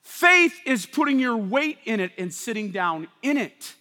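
A man preaching a sermon, swinging from loud emphatic passages to hushed, intense ones. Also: extremely high pitch, big pitch swings, a little slow, long reverb tail. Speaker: pastor.

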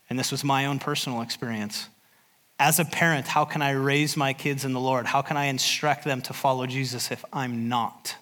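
A man preaches to his church in an earnest, mid-pitched voice. He leans on repetition to drive each point home. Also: fairly bright tone. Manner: earnest, repeats phrases for emphasis. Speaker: pastor. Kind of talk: sermon. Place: church service.

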